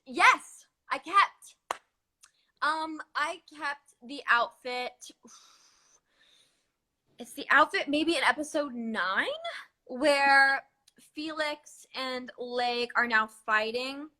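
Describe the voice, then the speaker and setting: A young woman, an actress, chatting casually in an interview, full of fillers and quick laughs. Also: high voice, sharp tone. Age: young adult. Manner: chatty, lots of "like" and "um", laughs often. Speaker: actress guest.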